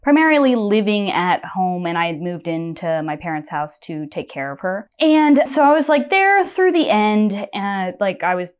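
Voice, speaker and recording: A woman's voice: medium pitch, sing-song, moderate pace, few pauses, smooth. A young woman telling a personal story as a podcast guest, chatty and full of fillers. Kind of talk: casual storytelling.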